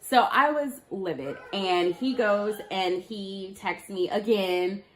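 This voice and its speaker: A woman in her twenties telling a story in a casual, animated way, acting out what each person said. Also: mid-range voice, takes it slowly, a little hiss or hum. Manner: animated, dramatic retelling with voiced quotes.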